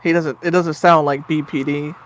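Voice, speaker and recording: A man's voice: fairly high pitch, flat delivery, moderate pace, a little hiss or hum. A man co-hosting a game stream, chatting casually and reading viewer comments aloud.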